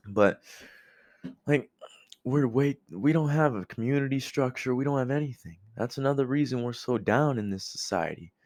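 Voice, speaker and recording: A young man giving a casual motivational monologue, blunt and profane, animated as he talks. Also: lowish voice. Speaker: vlogger.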